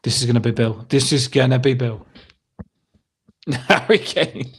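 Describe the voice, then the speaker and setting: This is a man hosting a casual football fan chat, quick to laugh and tease. He has a middle-pitched voice that is plain and steady. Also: a little hiss or hum. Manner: laughing, teasing. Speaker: podcast host.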